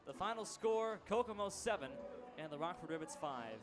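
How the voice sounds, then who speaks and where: A man's voice: high voice, animated, normal speed, music in the background. A young man doing play-by-play on a baseball radio broadcast, reading final stats and signing off with dry sarcastic humor from a ballpark booth. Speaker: play-by-play announcer. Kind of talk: sports radio sign-off.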